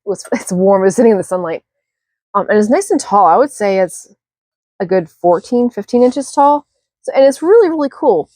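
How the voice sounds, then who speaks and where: A woman's voice: medium pitch, animated, brisk, dark tone, no room sound. A woman casually rambling through a show-and-tell of her thrift finds at home, self-deprecating and restarting often. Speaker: thrift haul vlogger.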